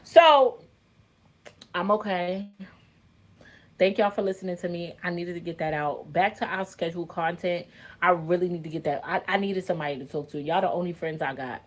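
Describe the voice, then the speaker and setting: A woman speaking in in an emotional vlog, venting straight to her viewers, animated and swearing freely. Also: lowish voice, brisk. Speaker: content creator venting to viewers.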